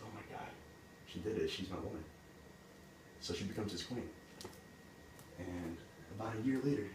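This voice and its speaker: In a big, echoey room with a far-off mic and steady noise behind him, a low-voiced storyteller casually retells a fairy tale. His chatty telling leans heavily on "like" and "he's like."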